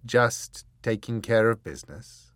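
A smooth, courtly rogue, as a male narrator voices him, with an unhurried and knowing delivery. His voice sits low and dry, close to the mic. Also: expressive, fairly bright tone, no echo. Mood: breezy.

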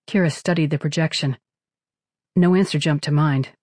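A narrator reading a science fiction novel in steady, even scripted narration. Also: medium pitch, normal speed, pauses often, no room sound, studio quality. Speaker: audiobook narrator.

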